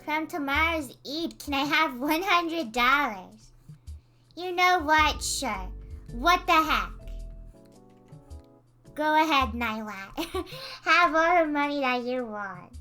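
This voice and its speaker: A young woman streaming live, talking to her chat with a high, bright voice. She is animated and exasperated and often bursts out laughing. Faint music plays behind her. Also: slow pace, long pauses.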